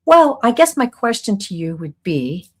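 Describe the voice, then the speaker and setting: A middle-aged woman hosting a live-streamed class as a psychic medium, talking earnestly and rambling a little, reading out viewer comments with soft laughs. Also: measured pace, breathy edge. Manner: warm, earnest, rambling, with soft laughs and lively pitch swings.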